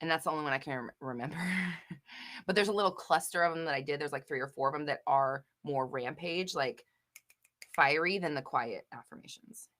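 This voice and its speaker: A woman's voice: deep voice, a bit bright. A woman hosting a live Q&A stream, who reads viewer comments and rants with passion, swearing freely. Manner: laughs often, talks quickly.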